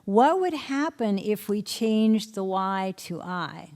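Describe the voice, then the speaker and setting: A middle-aged woman leads a spelling lesson for teachers. Her voice sits at a medium pitch. She keeps firing short questions at the room and often answers them herself. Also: animated, slow pace, a little mellow. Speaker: literacy instructor.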